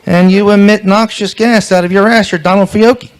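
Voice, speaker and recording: A man voicing a helpful male skunk in a told joke, listing things slowly and deliberately. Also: high voice, fairly even intonation, pitched above the performer's own voice, natural voice. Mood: explaining.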